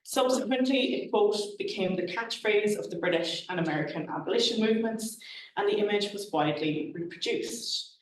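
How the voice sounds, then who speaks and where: Woman academic reading a prepared paper, formal, measured; distant mic, heavy room echo. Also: medium pitch. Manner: formal, measured delivery, marks quotations aloud. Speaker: academic conference speaker. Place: lecture hall. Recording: very echoey, distant mic in a lecture hall.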